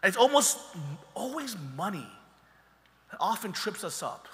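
A man's voice: sits high, big pitch swings, moderate pace, fairly bright tone, long reverb tail. A man preaching a sermon as pastor, talking in a conversational way and joking with the congregation.

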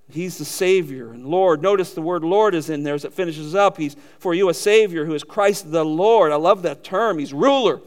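A man with a notably high voice delivers a sermon. He preaches earnestly, stacking short emphatic phrases and asking his listeners questions. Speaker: pastor.

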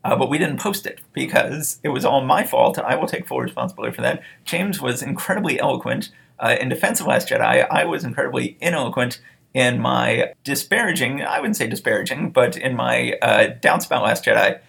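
Podcast co-host, American man, gravelly husky voice, lively pitch, casual self-deprecating chat. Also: a little fast. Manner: animated, self-deprecating, laughs often.

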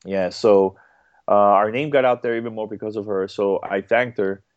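Halting, low-voiced man telling a story. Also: fairly even intonation, no room sound. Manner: halting, repeats words, many fillers. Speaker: podcast guest. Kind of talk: casual interview chat. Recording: dull dry podcast audio.

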